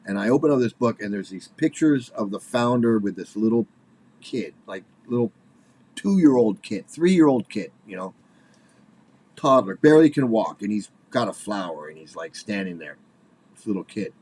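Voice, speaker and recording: Halting, worked-up man in his forties. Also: on the low side, animated, a little mellow, slightly rough. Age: 40s. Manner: halting, repeats words, nervous laughs. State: worked up, angry. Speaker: commentator. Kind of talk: casual spoken commentary.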